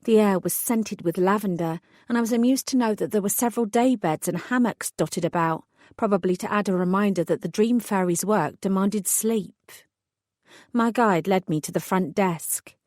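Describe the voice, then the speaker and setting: A woman narrating a first-person fantasy audiobook in a wry, expressive storytelling manner on a close mic. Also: mid-range voice, moderate pace, dry recording. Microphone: close studio mic.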